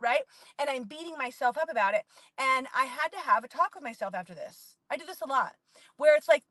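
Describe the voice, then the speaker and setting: A woman's voice: sits high, moderate pace, bright, forceful tone, no room sound. Candid rambling woman in her forties. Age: 40s. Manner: rambling and candid, heavy use of "like". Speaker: parenting vlogger. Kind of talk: casual confessional monologue.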